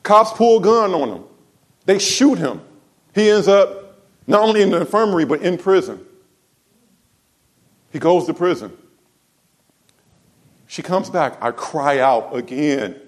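A man pastor preaching a sermon to his church, telling a story and swinging from quiet, low asides to loud, raised exclamations. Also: animated, a little slow, long pauses.

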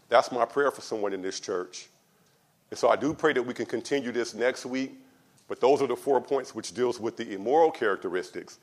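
A male pastor preaching a sermon, calling out to the congregation, building to loud, drawn-out passion and then dropping low and quiet. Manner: calls out to the congregation.

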